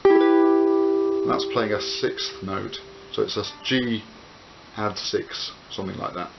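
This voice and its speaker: A man giving a ukulele lesson in a relaxed, explanatory way, counting beats and calling out chords as he plays. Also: fairly low pitch, slow pace, gravelly, over loud music. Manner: relaxed explanatory, with frequent "uh" fillers. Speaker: ukulele teacher. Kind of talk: instructional tutorial, counting and calling chords while playing. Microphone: camcorder microphone. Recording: dull hissy camcorder audio with loud ukulele. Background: ukulele playing.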